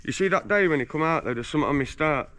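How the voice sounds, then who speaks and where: A man's voice: a little high, animated, racing, a bit bright. Slangy, swearing man from England. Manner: slangy, swearing, boastful storyteller. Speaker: interviewee. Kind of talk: casual street interview. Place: outdoors on a residential street.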